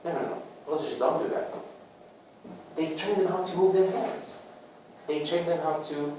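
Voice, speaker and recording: A man presenting a book to a small group in a casual talk, with lively rhetorical questions and acted-out little scenes. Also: a little high, moderate pace. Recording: echoey room, far from the mic, faint noise.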